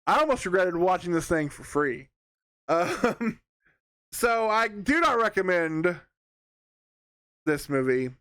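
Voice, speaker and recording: Loose and sarcastic, this young man's spoken film review wanders, packed with fillers and false starts. He sounds smooth, clear and fairly bright, pitched a little high for a man, on a dry, close recording without any room sound.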